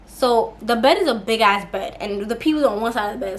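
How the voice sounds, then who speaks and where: A young woman telling a storytime for her channel in a casual, animated way, laughing as she talks and using plenty of slang and swearing. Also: a little high, fast talker, hardly any pauses. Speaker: YouTuber.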